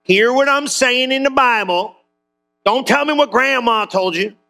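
A man preaching, his voice high and bright. He keeps tossing questions back to the congregation as he goes, in a loose, talky sermon style. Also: measured pace, gravelly. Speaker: pastor.

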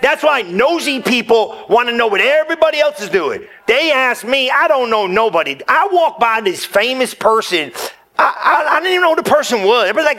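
A man preaching a sermon in church, energetic and joking with the congregation, sometimes rising close to a shout. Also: very high-pitched, fairly quick. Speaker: pastor.

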